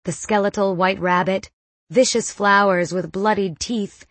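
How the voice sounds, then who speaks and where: A woman reading a first-person story aloud in a measured, vivid narration. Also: mid-range voice, steady tone, dry recording. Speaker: audiobook narrator.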